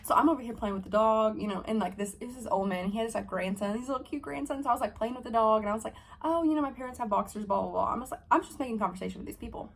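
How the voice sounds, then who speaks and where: A young woman in her twenties telling a story to camera in a fast, profane, animated vlog style, acting out her own heated lines. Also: fairly high pitch, breathy edge. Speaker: vlogger. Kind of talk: storytime vlog, casual chat.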